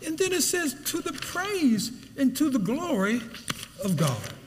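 A man's voice: huge pitch swings, unhurried, big-room sound, background noise. A man preaching a sermon as pastor, building with emphatic repeated phrases. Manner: preaching with rising pitch and emphatic repetition.

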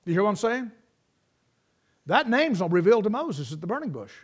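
Man, very high voice, fervent sermon delivery, repeats phrases for emphasis. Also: sing-song, brisk. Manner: fervent, swinging from shouts to hushed tones. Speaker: preacher.

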